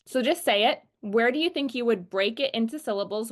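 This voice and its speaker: A woman teaching a phonics lesson, explaining patiently and slowly acting out sounds. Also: a little high.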